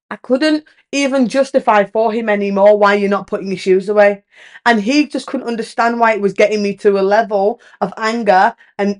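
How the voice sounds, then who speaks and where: A woman in her thirties, hosting a podcast, tells a candid, emphatic story and swears casually. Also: a little high. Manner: animated storytelling with lively rises. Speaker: podcast host. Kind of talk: candid relationship podcast monologue.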